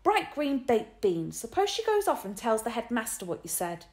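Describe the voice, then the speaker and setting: Woman reading as a hot-headed schoolboy, loud exasperated outbursts, lively swooping pitch, roomy echo. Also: moderate pace. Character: quick-tempered schoolboy, bossy and blunt. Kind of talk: storybook reading.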